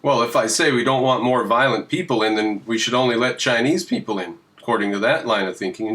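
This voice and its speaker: A man's voice: mid-range voice, brisk, hardly any pauses, fairly bright tone. Blunt, matter-of-fact man debating. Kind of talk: casual debate call.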